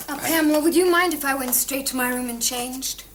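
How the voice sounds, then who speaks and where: An actress as breezy young guest Sally. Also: female voice, sits high, brisk, slight background noise, natural voice. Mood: polite.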